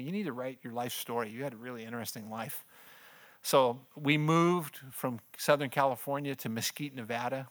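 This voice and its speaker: Brief: older male pastor with a bright voice, telling his story in a chatty, laughing way. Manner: conversational storytelling, laughs often, voice drops low in heavy moments. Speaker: pastor and missions speaker. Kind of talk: personal testimony talk.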